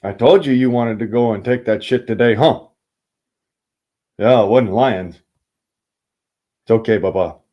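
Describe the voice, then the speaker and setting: A man's voice: medium pitch, a little slow, long pauses, dull audio. A man hosting a livestream, chatting casually to viewers in a rambling, profane way and laughing often. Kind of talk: casual rant to a live chat.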